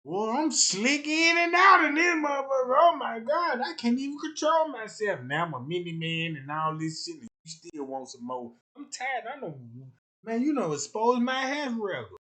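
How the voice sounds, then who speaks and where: A man's voice: extremely high pitch, animated, normal speed, pushed and bright. A young man rambling through a crude comic livestream rant, boastful and repeating "you know what I'm talking about.".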